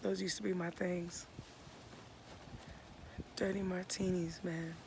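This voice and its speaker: A slow, unhurried man in his thirties with a gravelly, fry-edged voice, musing in a casual vlog. He slides often into soft half-whispers as he talks into a phone. The outdoor recording carries clear background noise. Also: sits high, little pitch movement. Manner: laid-back, drifting into soft half-whispers. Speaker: vlogger.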